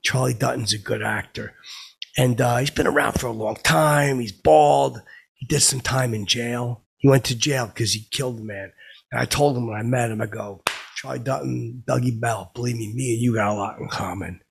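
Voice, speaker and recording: A man's voice: medium pitch, steady tone, creaky, slightly rough. A man playing a boastful, clueless middle-aged guy who rambles and stalls with fillers, calling himself by name in the third person. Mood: rambling. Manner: rambling, halting, full of fillers and "blah, blah". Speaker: podcast host. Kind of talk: improvised comedic character monologue.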